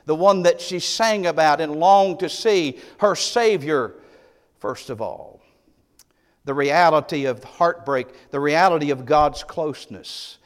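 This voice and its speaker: A man preaching a Sunday sermon in a large sanctuary, his voice sitting a little high. He rises to loud, emphatic peaks and drops to near-whispered asides. Long reverb trails each phrase. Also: measured pace. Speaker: pastor.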